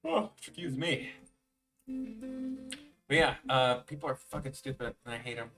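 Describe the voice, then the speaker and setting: This young man streams himself animating and chats while he draws, rambling through profane stories and imitating people. He speaks at a normal speed with a medium-pitched, fairly bright voice. The audio has faint music behind it, and he sounds a bit far from the mic.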